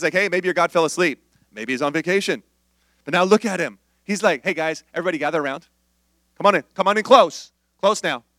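Bright, high-voiced male preacher, dry sound. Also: clean tone, no room sound. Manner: casual, joking asides between reading. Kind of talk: sermon with scripture reading and commentary.

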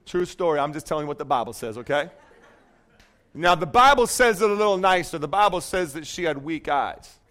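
A man's voice: a little high, fairly quick. A man preaching a sermon in a church, telling a story with jokes and playful asides to the congregation. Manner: joking, animated storytelling. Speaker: pastor.

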